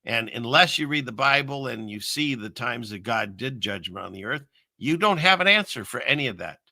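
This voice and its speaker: Male livestream host, very bright tense tone, dry close sound, rambling chat with chuckles and filler words. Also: mid-range voice, expressive, normal speed, dry recording. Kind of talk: casual rambling livestream commentary. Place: home setup in the Seattle area.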